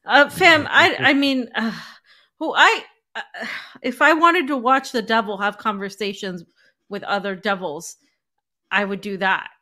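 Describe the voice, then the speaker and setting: A woman with a bright, somewhat high voice co-hosts a casual political talk show. She talks in a chatty, slightly hesitant way, full of fillers. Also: measured pace. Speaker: co-host.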